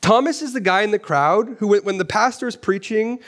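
High-voiced man preaching a sermon. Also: a little fast. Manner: animated, rhetorical questions, repeats phrases for emphasis. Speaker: pastor.

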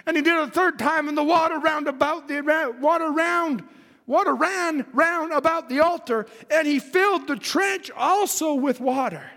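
A man preaching a fervent sermon, reading scripture aloud and rising to shouts at the peaks. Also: extremely high pitch, moderate pace, gravelly. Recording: long hall reverb.

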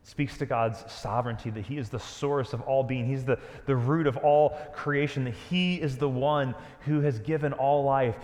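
A man preaching a sermon, dramatic and conversational, dropping to a hush on key lines. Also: mid-range voice, steady tone, moderate pace, few pauses, long reverb tail. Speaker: pastor.

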